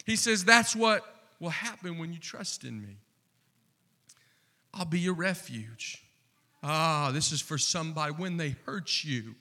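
A man preaching a sermon in a slightly high, bright voice. He takes his time, drawing out his words. He builds toward fervent, near-shouted refrains. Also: lively intonation, a little slow, pauses often. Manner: impassioned, rising to near-shouting with repeated refrains.

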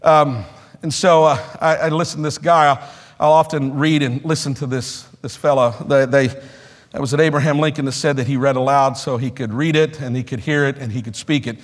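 A middle-aged male pastor preaching a sermon in a church, rising from quiet talk to shouted exhortation with call-and-response. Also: mid-range voice, fairly even intonation, brisk, big-room sound. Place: church sanctuary.

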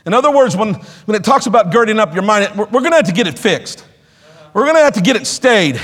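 A middle-aged man preaches in a church sanctuary, his voice sitting high for a man. He moves from quiet talk to shouted exhortation, calling out to the congregation. A long reverb trails each phrase through the hall. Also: sing-song, fast. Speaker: pastor. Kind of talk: sermon.

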